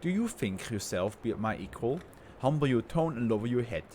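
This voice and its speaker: A man's voice: medium pitch, big pitch swings, moderate pace, warm tone, slight background noise, lightly acted. A man playing a pompous tycoon brain in a jar. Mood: haughty. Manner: pompous, grandiose and contemptuous.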